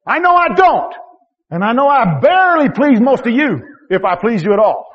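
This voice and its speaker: A man preaching a sermon in a folksy, self-deprecating way, with rhetorical questions, swinging from loud, high exhortation to quiet, low asides. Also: very animated, moderate pace, dull audio.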